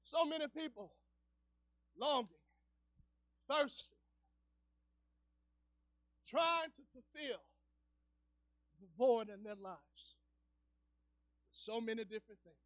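A male evangelist preaching in church, his voice very high and sharp with a bright edge. He drops to near-murmurs and then climbs into fervent shouting. The recording is dry and dull, with a lo-fi feel. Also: takes it slowly, long pauses, no room sound. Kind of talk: fiery preaching. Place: church service.

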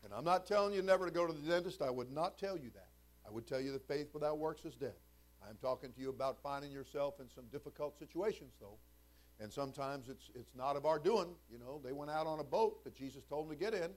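A man preaching a sermon as pastor, shifting from quiet, folksy talk to loud, shouted preaching. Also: a little high, quick pace. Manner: conversational, folksy asides.

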